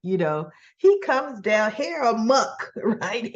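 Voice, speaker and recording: A woman with a fairly high voice talks slowly and chattily, recapping a soap episode and acting out the characters' lines as she goes. The sound is a bit muffled, like a lo-fi home recording. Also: expressive. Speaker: soap opera recap vlogger.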